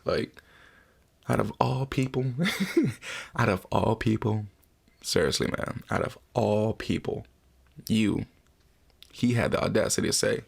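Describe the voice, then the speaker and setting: A podcast host in his twenties talks through a personal story in an open, emotional way. His voice sits low with a gravelly edge. He talks casually and swears freely as he goes. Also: measured pace.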